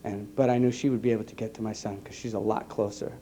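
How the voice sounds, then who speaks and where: New guy, emt telling his story to a crowd, stumbles and repeats himself, really dark voice. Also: fairly low pitch, flat delivery, slight background noise. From New York. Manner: halting, repeats words, earnest. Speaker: EMT speaking to a conference. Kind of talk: personal testimony to an audience.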